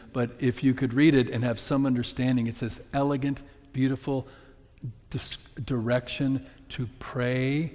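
A male pastor delivering a sermon in an unhurried, deliberate cadence. He pleads earnestly, swelling on emphatic phrases and sinking low and soft between them. His voice trails off in the long echo of a large sanctuary. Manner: earnest, rising to emphatic peaks then dropping soft. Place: church sanctuary. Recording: long reverb of a large hall.

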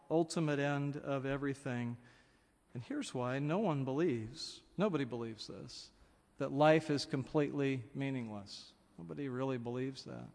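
Earnest preacher man in a reverberant hall. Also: a little high. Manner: earnest, reflective, rising to emphatic questions. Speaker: pastor. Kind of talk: sermon.

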